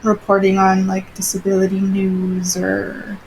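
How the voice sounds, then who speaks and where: A woman's voice: medium pitch, completely flat delivery, a little slow, a little mellow, slight background noise, low-quality recording. A woman co-hosting a podcast in casual chat, blunt and plain-spoken. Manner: blunt, casual, some swearing. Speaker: podcast co-host.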